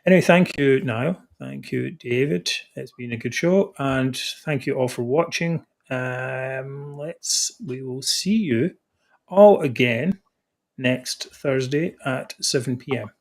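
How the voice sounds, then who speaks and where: A man's voice: medium pitch, takes it slowly, gravelly. A man hosting a casual political podcast and signing off the show. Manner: blunt, wraps up the show. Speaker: podcast host. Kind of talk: casual livestream chat.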